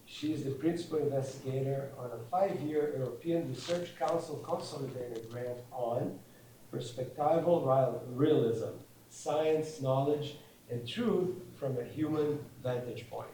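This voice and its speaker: A man's voice: mid-range voice, dark tone, recorded from a distance. A man hosts the event and reads out a speaker introduction, stumbling and correcting himself along the way. He stands well back from the microphone. His voice rings through a very echoey room over a faint hum of background noise. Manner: halting, self-correcting as he reads.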